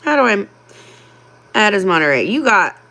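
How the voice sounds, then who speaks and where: A woman hosting a casual livestream, talking openly and from the heart, with frequent ums and pauses. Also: medium pitch, very animated, pushed and bright. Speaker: livestream host.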